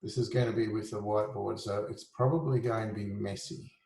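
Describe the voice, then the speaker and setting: A man teaching a relaxed, informal music lesson. He explains rhythm, sings beats on "da", and jokes at his own expense. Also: lowish voice, a little fast, gravelly, echoey room, a little hiss or hum.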